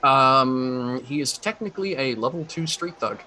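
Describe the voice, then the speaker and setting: A man's voice: mid-range voice, expressive, normal speed, bright, forceful tone, a little hiss or hum. A man narrating as game master of a tabletop game, chatty and chuckling often. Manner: chuckling, chatty, lots of fillers.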